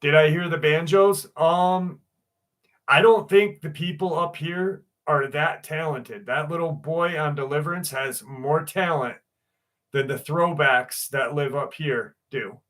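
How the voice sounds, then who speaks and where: A man's voice: on the high side, unhurried, a bit bright. A man chatting casually on a livestream panel, rambling through a story with fillers and swearing. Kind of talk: casual chat.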